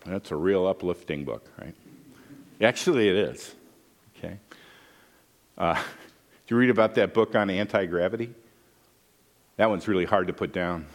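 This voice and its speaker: A man's voice: low voice, normal speed, pauses often. A man preaching a sermon, reading scripture and adding wry, joking asides. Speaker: pastor.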